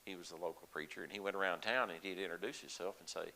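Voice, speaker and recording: Deep gravelly guy, older, chatty folksy storyteller, sharp bright voice. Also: quick pace, a little hiss or hum, low-quality recording. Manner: folksy, conversational, with laughs and asides. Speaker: lay speaker at a church service. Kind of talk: personal storytelling to a congregation.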